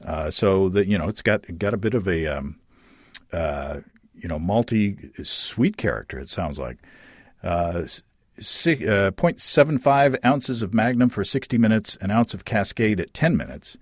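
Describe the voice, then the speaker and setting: Speaking at a measured pace in a fairly low voice, this man hosts a relaxed podcast chat. He reads listener letters aloud, laughing often and stumbling through fillers and restarts. The recording has studio quality and no room sound.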